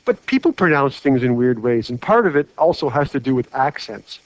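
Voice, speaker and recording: A man's voice: mid-range voice, very animated, a little fast, no room sound. A man teaching a lecture while drawing on a whiteboard, chatty and full of rhetorical questions. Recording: dry, dull lo-fi mic.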